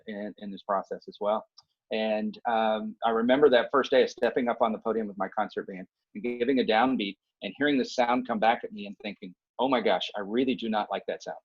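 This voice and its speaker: A man's voice: fairly low pitch, breathy edge, muffled recording. A man speaking as a guest on a podcast, giving earnest, emphatic advice and often checking in with "okay?" and "right?". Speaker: guest, university director of bands. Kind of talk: conversational advice.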